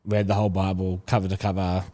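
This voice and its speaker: A young man appears as a podcast guest, chatting casually in a deep, monotone voice with a warm tone. He talks fast and rambles, filling his speech with lots of fillers.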